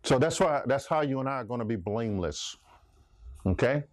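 A man's voice: medium pitch, animated, normal speed, no room sound. A man preaching a sermon, emphatic, calling out listeners by name. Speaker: pastor.

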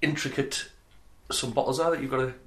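Fast-talking man podcast co-host. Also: medium pitch, steady tone, roomy sound. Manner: rambling, joking, many restarts. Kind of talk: casual chat.

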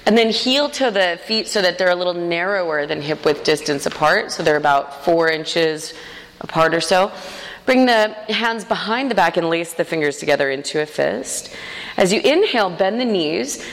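Woman yoga teacher, low voice, calm class guidance, counts breaths, long reverb in the studio. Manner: relaxed, many "like" fillers, counts breaths aloud. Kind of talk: guiding a live yoga class.

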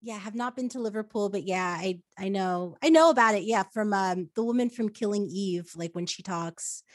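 A woman's voice: medium pitch, moderate pace, no echo, clean studio sound. Chatty American woman podcast host. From United States. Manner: chatty, many "like" fillers. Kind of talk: casual interview chat.

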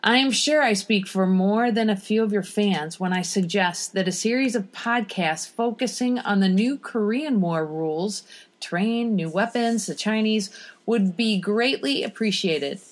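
A woman, a guest on a family podcast at home, reading listener letters in a steady, careful way. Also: mid-range voice, a little slow.

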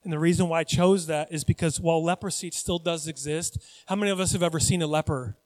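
High-voiced male pastor in a reverberant hall. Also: fast. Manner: conversational, animated, questions the audience. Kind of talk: sermon.

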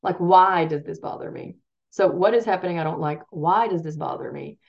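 A woman's voice: fairly low pitch, normal speed, vocal fry. A woman parenting coach talking casually in an interview, rambling and restarting her sentences and laughing at herself. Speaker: parenting coach and podcast guest. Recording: dull lo-fi sound.

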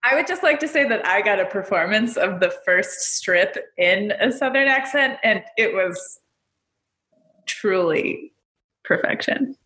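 A woman co-hosts a podcast in relaxed chat, given to dry, wry humor. Her voice sits at a middle pitch. It rings in an echoey room. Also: measured pace. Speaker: podcast co-host.

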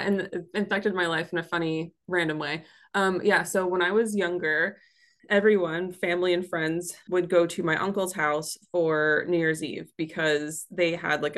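A woman's voice: fairly low pitch, steady tone, moderate pace, a bit bright. A woman guest telling a family story in a casual, chatty way with many fillers. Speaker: history center staff guest.

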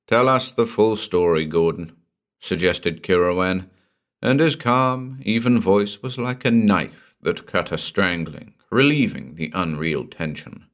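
A man narrating a horror story for an audiobook in a dramatic, expressive storytelling manner. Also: low voice, a little slow.

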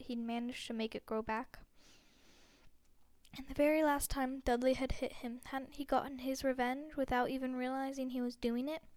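Woman, audiobook narrator, steady expressive reading, smooth voice, dry close sound. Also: high-pitched, no room sound. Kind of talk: scripted narration.

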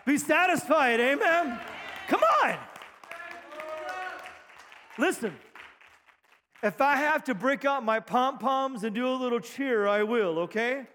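A middle-aged male pastor preaching a rousing sermon, calling for amens and shouting at high points, with light jokes to the congregation. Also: unhurried, a faint crowd, slight background noise. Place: church sanctuary. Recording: long reverb of a church hall.

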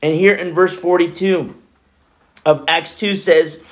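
Animated gravelly male preacher. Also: high voice, unhurried. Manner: animated preaching, swinging from loud to hushed; conversational, with many fillers like "you know" and "like". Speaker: pastor. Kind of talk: sermon.

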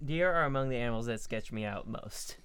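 A woman's voice: a bass voice, expressive, fairly quick, a bit bright, smooth, no echo. A woman co-hosting a podcast in casual chat, laid-back, mostly giving brief replies. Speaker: podcast co-host.

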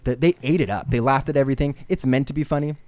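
Young man, podcast co-host, casual film chat, rambling and eager, middle pitch, dry close sound. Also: racing, a little mellow, no echo. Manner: rambling and enthusiastic, many restarts.

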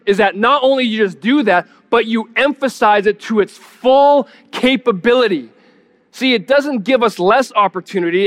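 Man, pastor, high voice, sermon, conversational teaching, repeats words, questions the congregation. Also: a bit bright.

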